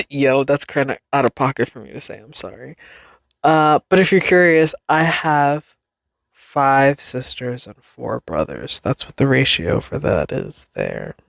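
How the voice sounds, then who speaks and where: A woman's voice: deep voice, vocal fry, no echo, studio quality. A young woman hosting her own podcast, rambling casually about her life, self-deprecating and laughing often. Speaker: podcast host. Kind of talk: casual solo podcast chat.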